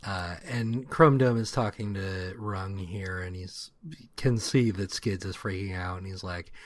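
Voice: low-pitched, steady tone, measured pace. A co-host of a comic podcast, chatting casually with dry asides while recapping the story. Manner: easygoing, dry asides, laughs along.

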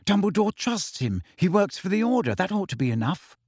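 A man reading aloud, voicing an earnest, bossy teenage girl in a raised, quick voice. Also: on the high side, sing-song, darkish tone, breathy edge, no echo, clean studio sound. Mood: sharp, insistent.

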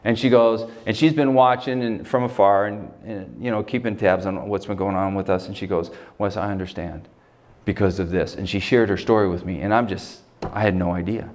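A man with an American accent preaching a conversational sermon as pastor, swinging from loud emphatic lines to hushed, quiet quotes. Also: on the low side, a little fast, few pauses.

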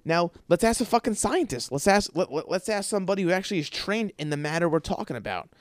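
A man hosting a podcast from his apartment, ranting with constant swearing, stuttering and repeated words, jumping between yelling and mumbling. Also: high voice, animated, fast talker, no echo, studio quality. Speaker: podcast host. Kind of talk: profane ranting monologue. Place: his apartment, in a dark room. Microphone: studio microphone.

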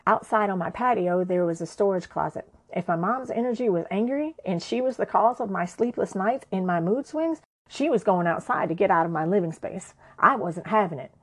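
A woman's voice: on the low side, darkish tone. Woman telling her story plainly. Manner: frank and conversational, swears freely. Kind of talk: personal story narration.

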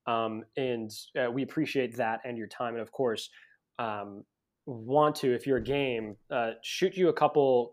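A man's voice: medium pitch, darkish tone. An American man hosting an interview, hesitant with many fillers and restarts, chatting casually. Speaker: podcast host.

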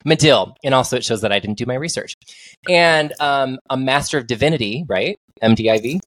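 A man hosting a casual podcast interview, teasing himself and breaking into high, excited exclamations. His voice sits at an everyday middle pitch, recorded close and dry with no room sound. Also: brisk, dry recording. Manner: playful, self-mocking, bursts into high excited exclamations. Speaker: podcast host.

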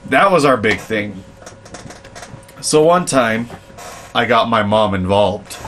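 A young man tells work stories in a relaxed chat and acts out everyone involved. His pitch swings widely as he gets into it. A light hum of room noise sits underneath. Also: slow pace. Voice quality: animated, laughing, acts out voices. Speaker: podcast co-host, storyteller. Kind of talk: casual storytelling chat.

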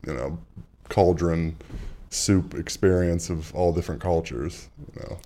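A man's voice: low voice, measured pace, warm tone. A man co-hosting a podcast, chatting in a drawling, profane way. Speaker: podcast co-host. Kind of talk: casual chat.

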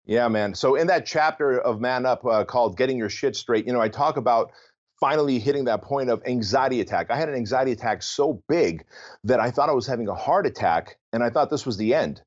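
A man's voice: medium pitch, brisk, highs cut off. A man who is a guest on a podcast interview, telling his own story in a candid, earnest way. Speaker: guest, author and business owner.

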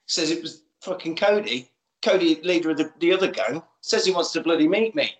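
A man co-hosting a casual podcast, retelling a film with quick put-on voices for its characters. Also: fairly high pitch. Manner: animated, acts out lines in quick put-on voices. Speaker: podcast co-host. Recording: echoey room.

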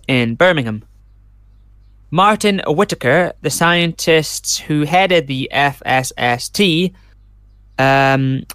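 A man's voice: a little high, fairly bright tone, clean tone, dry recording, clean studio sound. A man hosting a casual true crime podcast, reading case details aloud and rambling into side comments. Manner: rambling, reads case notes aloud with chatty asides. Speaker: podcast host.

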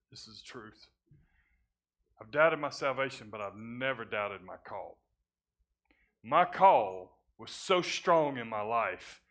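A male pastor giving a sermon testimony, moving from hushed, halting confession with repeated restarts to loud, fervent preaching. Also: medium pitch. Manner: halting restarts when emotional.

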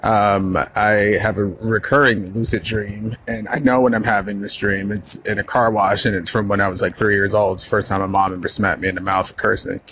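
A man's voice: fairly low pitch, little pitch movement, fairly quick, few pauses, a bit bright, slight background noise. A man, a fellow podcaster, leaving a chatty, rambling voice message. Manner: chatty, rambling, lots of ums. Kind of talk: casual voice message.

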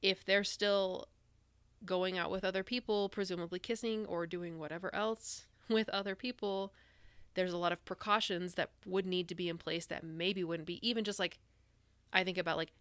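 A woman's voice: lowish voice, fairly even intonation, moderate pace, a bit bright, no room sound. A young woman co-hosting a podcast, chatting casually and rambling with lots of "like"s and restarts. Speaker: podcast co-host. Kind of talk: casual chat.

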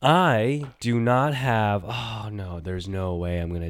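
A man hosting a solo podcast, rambling and animated, talking to himself and swinging from loud bursts to quiet mumbles. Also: lowish voice, slow pace, few pauses, no echo. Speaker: podcast host.

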